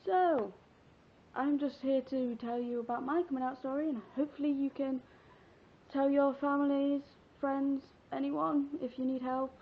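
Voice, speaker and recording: A woman's voice: sits high, fairly even intonation, normal speed. A sixteen-year-old girl from England telling a personal story in a casual, chatty, giggly vlog, rambling with fillers. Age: teens. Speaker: vlogger. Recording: dull lo-fi webcam audio.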